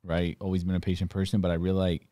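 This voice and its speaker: Young man hosting a chat podcast, very deep and even voice, relaxed delivery. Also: fast, dry recording, clean studio sound. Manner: laid-back, speaks in loose restarts and fillers. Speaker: podcast host, father. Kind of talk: casual chat.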